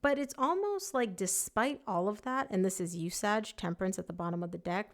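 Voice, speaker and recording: A woman's voice: medium pitch, animated, fairly quick, few pauses. Woman, tarot reader, chatty, emphatic, casual. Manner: chatty, emphatic, voices the client's thoughts.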